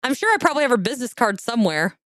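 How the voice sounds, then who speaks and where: A woman's voice: fairly high pitch, big pitch swings, racing, a bit bright, no room sound. A woman from the Midwest co-hosting a casual podcast, giggly and enthusiastic, playfully exaggerating. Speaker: podcast co-host.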